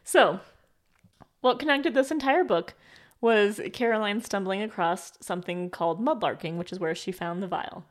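A young woman in casual conversation about a novel, talking in loose, rambling runs. She giggles often and fills her sentences with "like." Her voice sits at an everyday middle pitch. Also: moderate pace. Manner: chatty, giggly, full of "like" fillers. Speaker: book club podcast co-host. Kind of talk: casual chat.

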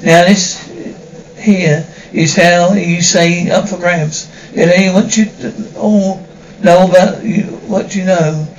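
An actor playing a greedy French hotel waiter who is blackmailing guests, with a French accent and oily, polite, halting phrasing, in 1950s TV drama style. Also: male voice, sits high, fairly even intonation, low-quality recording. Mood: smug threatening.

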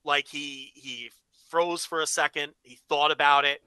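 A man with a very bright, forceful voice talks casually on a podcast, a little high for a man. He swears freely and tells stories with animation. The sound is dry and close. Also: unhurried, clean tone, no echo, poor audio. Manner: profane, animated storytelling. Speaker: podcast co-host. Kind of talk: casual wrestling podcast chat.

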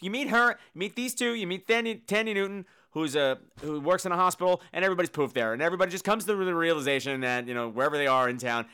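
Bright, lively campy man reviewing movies. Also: fairly high pitch, smooth. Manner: campy, flamboyant, sarcastic asides; breaks into sung and squealed impressions. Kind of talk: casual comedic movie review.

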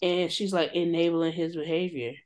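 A woman's voice: fairly low pitch, steady tone, normal speed, a little mellow. A woman co-hosting a casual chat, gossiping and retelling scenes with quoted lines and slang. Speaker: podcast co-host. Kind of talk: casual chat recapping a reality show.

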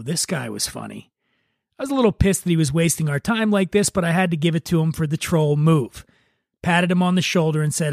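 A podcast host reads a first-person bar story in a relaxed, wry way. His voice sits a bit high for a man, and the close, dry sound has no room echo. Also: fairly quick, gravelly. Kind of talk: reading a story aloud.

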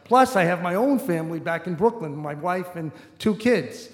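A man's voice: a little high, lively intonation, normal speed, vocal fry. A middle-aged man telling a personal story on stage, in an easy conversational way full of "you know" asides. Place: stage in a large hall before an audience. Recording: roomy hall reverb.

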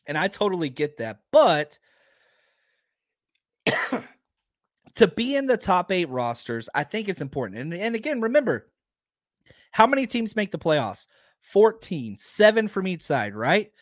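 A man hosting a sports podcast, talking casually and arguing his points with emphasis, his voice a little hoarse from talking so much. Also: high voice, a little slow, long pauses, no room sound, studio quality. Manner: animated, emphatic, argumentative. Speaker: podcast host.

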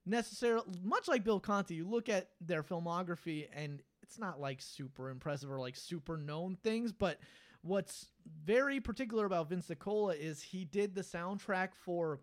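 High-voiced man in casual podcast chat. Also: animated, moderate pace. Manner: chatty, full of "like" fillers. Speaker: podcast co-host.

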